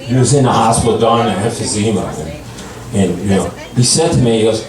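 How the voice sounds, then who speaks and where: A man in his sixties telling stand-up jokes in a deadpan style, putting on higher voices for the people in his stories. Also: fast talker, crowd noise. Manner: deadpan one-liners, voices others in a higher pitch. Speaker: stand-up comedian. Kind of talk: stand-up comedy set. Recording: echoey club, voice from far off.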